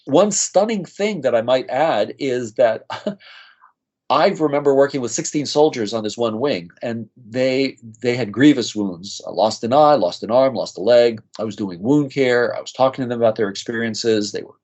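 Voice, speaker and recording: Man, mid-pitched, earnest and moved, telling stories in an interview; slightly muffled lo-fi sound. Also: normal speed, a little mellow. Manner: earnest, moved, acts out quoted voices. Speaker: nurse practitioner guest. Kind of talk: conversational storytelling.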